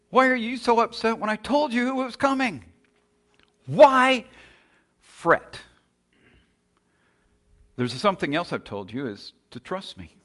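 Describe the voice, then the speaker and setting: An impatient, commanding God, as a preacher puts him on, scolding his listeners loudly. The voice jumps well above a man's usual pitch and is sharp with exasperation. It is part of a sermon. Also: full character voice. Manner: loud, high-pitched, impatient rebuke.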